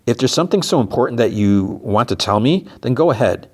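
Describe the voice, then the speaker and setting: A man voicing a stern, practical girl with a flat, dismissive delivery. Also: medium pitch, brisk, voice pushed up. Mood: curt.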